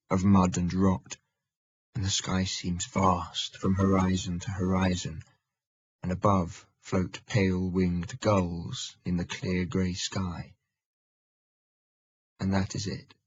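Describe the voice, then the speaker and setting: A man narrating a historical audiobook in a measured, steady manner. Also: low-pitched, slightly rough, no echo, muffled recording. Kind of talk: scripted narration.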